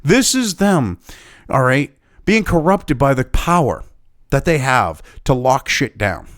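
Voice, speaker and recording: A man's voice: mid-range voice, sing-song, takes it slowly, no room sound, studio quality. A man from New Hampshire giving angry, sarcastic, profanity-laden political commentary.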